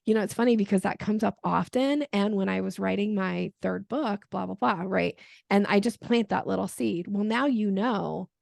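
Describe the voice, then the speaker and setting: A woman with a gravelly, fry-tinged voice talks through her sales ideas as an interview guest. She's animated and slips into quick acted-out lines of dialogue. The recording is close and dry, with no room sound. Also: medium pitch, no echo. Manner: animated, acts out quoted dialogue with frequent laughs. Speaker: sales coach and podcast guest. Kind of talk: conversational interview.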